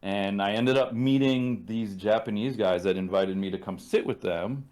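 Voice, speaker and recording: Low-pitched man from Canada, laid-back, swears freely, casual storytelling podcast guest. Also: normal speed, darkish tone. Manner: profane, laid-back, acts out quotes.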